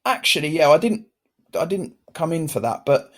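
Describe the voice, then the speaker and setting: A man's voice: a little high, brisk. A British man co-hosting a casual podcast chat, acting out little everyday exchanges as he talks. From United Kingdom. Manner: animated, acts out little exchanges. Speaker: podcast co-host.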